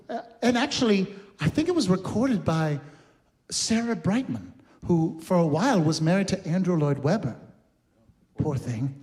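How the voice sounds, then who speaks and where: A cabaret singer and host delivers live stage patter between songs, his high voice swinging widely in pitch, a little slow and darkish in tone. Set in a recording studio, his chatty, campy stories are full of laughter.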